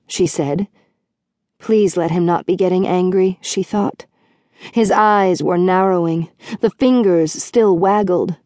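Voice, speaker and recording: A woman reads an audiobook from a script, telling the story in a measured, even way. Her voice sits on the low side, and the recording is clean studio sound with no room noise.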